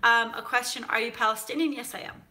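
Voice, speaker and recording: A woman from San Francisco hosts a cooking show, chatting casually in a live stream as she reads viewer comments, animated and full of fillers. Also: fairly high pitch, fast. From United States (San Francisco).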